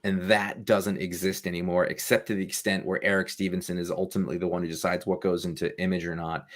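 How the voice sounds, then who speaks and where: Middle-aged man, low register, reflective and digressive podcast co-host. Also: level tone, fast. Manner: thoughtful, digressive. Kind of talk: casual chat.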